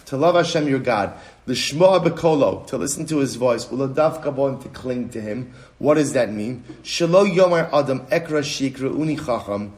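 A man's voice: medium pitch, darkish tone, roomy sound. A man teaching a Talmud class, asking rhetorical questions and repeating key phrases for emphasis. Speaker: Torah teacher.

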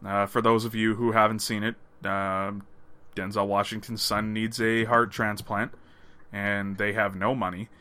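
A man from Canada co-hosting a podcast, chatting casually about movie rankings, laughing and swearing with quick asides. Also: on the low side, flat delivery, bright, forceful tone. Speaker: podcast co-host.

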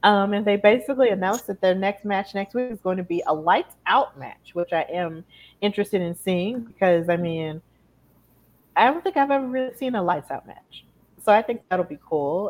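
A woman co-hosting a casual chat show, retelling events in a chatty, animated way and acting out what people said. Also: on the low side. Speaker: podcast co-host. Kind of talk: casual wrestling recap chat.

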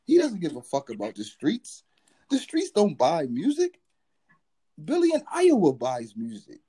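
A man from the US East Coast co-hosting a casual chat, animated and profane, joking and slipping into mocking voices. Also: on the high side, measured pace, husky, rough recording.

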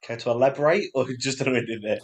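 A man's voice: mid-range voice, quick pace, rough recording. A young man hosting a casual podcast, rambling and self-deprecating as he circles back on his own words. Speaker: podcast host.

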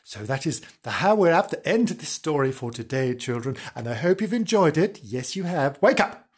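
A storyteller reading a children's story casually, breaking off for wry asides and self-corrections, in a slightly husky voice. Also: mid-range voice, very animated, normal speed, darkish tone.

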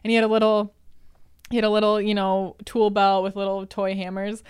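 A woman's voice: mid-range voice, little pitch movement, brisk, smooth. A woman guest on a podcast telling family stories in casual chat, laughing often as she goes. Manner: laughs often, giggly storytelling. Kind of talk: casual storytelling.

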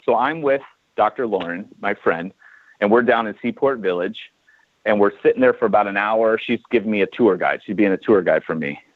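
A man's voice: lowish voice, brisk, no echo. A man in his forties from California, a chiropractor guest telling a story in a casual interview and acting out the dialogue. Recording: tinny phone-like dry line.

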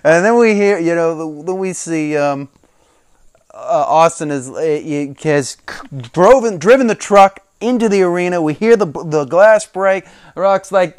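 A man's voice: on the high side, a little slow, clear, resonant tone, no room sound, clean studio sound. A man hosting a casual solo podcast, retelling a story with frequent chuckles. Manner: chuckling, retelling with quoted impressions. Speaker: podcast host.

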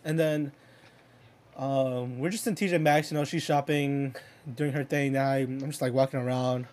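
A man's voice: mid-range voice, steady tone, moderate pace, darkish tone. A young man in casual chat, telling a long rambling story full of fillers and swearing. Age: young adult. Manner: rambling, filler-heavy, swears, chuckles while telling stories.

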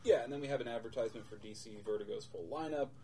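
A man co-hosting a casual comic book podcast, who retells stories with quick voices for each character. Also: mid-range voice, crowd noise, poor audio. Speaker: podcast co-host.

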